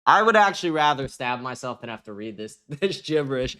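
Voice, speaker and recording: A man's voice: medium pitch, lively intonation, a little fast, hardly any pauses, sharp tone. Angry, profane young man ranting live. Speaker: livestream host. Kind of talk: livestream commentary.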